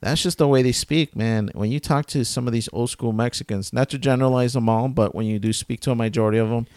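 A man's voice: medium pitch, quick pace, darkish tone, no echo, clean studio sound. A man in his thirties with young kids, co-hosting a casual chat and explaining his views at length. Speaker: podcast co-host.

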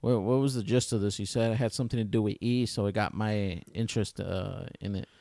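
A man's voice: on the low side, steady tone, fairly quick, gravelly, dark tone, no room sound. A man co-hosting a podcast in casual, rambling chat, full of restarts and fillers. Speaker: podcast co-host. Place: Chicago.

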